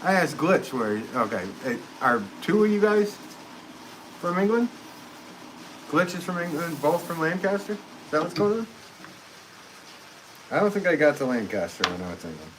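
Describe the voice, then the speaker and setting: A man's voice: a little high, expressive, measured pace, long pauses. A man chatting casually on a live stream from his pottery studio, reading viewer comments aloud and answering with easy laughs. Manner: easygoing, reads viewer comments aloud and chats back with soft laughs. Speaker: potter live-streaming while throwing pots. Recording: noisy live-stream audio with clear background hiss.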